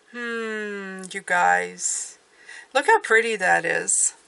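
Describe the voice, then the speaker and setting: A woman's voice: medium pitch, extremely slow, vocal fry, bright, forceful tone, slight background noise. A woman giving a casual tarot reading, chatty and often restarting her words. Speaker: tarot reader.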